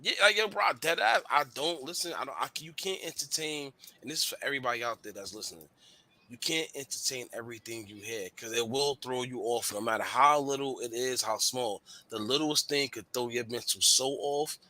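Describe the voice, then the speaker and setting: A man with a medium-pitched voice talks briskly while co-hosting a radio talk show. His chat is candid and slangy, full of animated storytelling.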